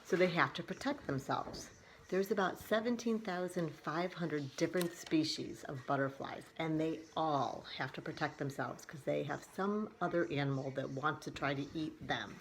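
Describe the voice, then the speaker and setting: A woman preschool teacher reading aloud and explaining a lesson to young children in an animated way. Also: deep voice, normal speed, a little hiss or hum.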